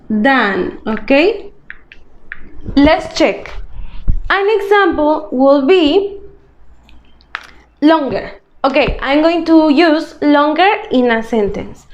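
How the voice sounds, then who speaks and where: A woman's voice: high voice, animated, slow pace. A woman teacher, patiently explaining a grammar lesson step by step, often checking in with "okay?". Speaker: English teacher. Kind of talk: recorded grade-school grammar lesson.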